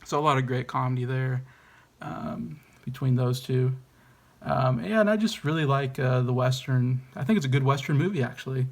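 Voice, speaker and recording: A man's voice: mid-range voice, moderate pace, vocal fry. A man giving a casual, enthusiastic movie review, hesitant and rambling with many ums and restarts.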